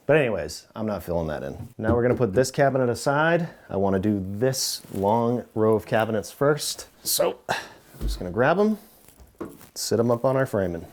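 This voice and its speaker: A man hosting a casual how-to, talking relaxed while he works with tools and now and then dropping into mutters. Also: lowish voice, a little hiss or hum. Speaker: DIY home renovation host. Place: indoor pantry under renovation.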